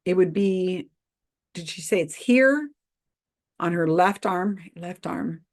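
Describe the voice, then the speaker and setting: A woman's voice: on the low side, lively intonation, takes it slowly. A woman hosting a livestream, chatting skeptically and casually, laughing often as she reads out viewer comments. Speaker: host of a livestream commentary show.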